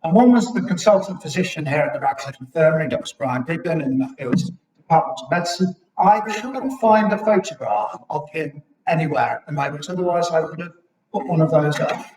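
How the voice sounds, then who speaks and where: A British man in his sixties speaks to a gathered audience, his slightly raised voice ringing through a chapel. He picks his way through his memories, halting on frequent ums. He stands back from the microphone, so the room's echo wraps around every phrase. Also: a little high, animated, darkish tone. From Britain. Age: 60s. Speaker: guest speaker at a local history evening. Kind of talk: reminiscing public talk. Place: chapel hall. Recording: echoey chapel, mic at a distance.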